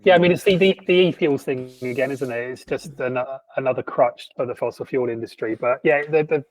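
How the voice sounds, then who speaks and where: A man co-hosting a podcast in casual chat, animated and sardonic, stumbling through frequent restarts. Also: medium pitch, brisk, poor audio. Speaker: podcast co-host.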